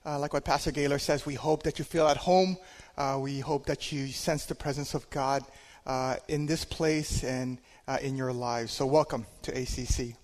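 A man's voice: mid-range voice, normal speed. Man preaching in an echoing hall. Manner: relaxed storytelling with hesitations and chuckles. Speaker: church minister. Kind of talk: sermon. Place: church sanctuary. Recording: long hall reverb.

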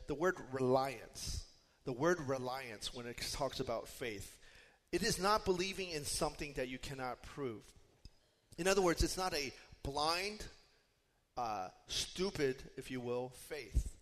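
A man's voice: medium pitch, expressive, measured pace, fairly bright tone. Pastor man preaching in a reverberant hall. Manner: conversational preaching with fillers and asides. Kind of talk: sermon.

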